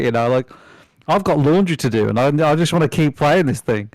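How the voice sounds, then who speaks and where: A man's voice: medium pitch, very animated, brisk, darkish tone, no echo. A man chatting casually as a podcast guest, rambling with lots of fillers, restarts and swearing. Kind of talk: casual chat.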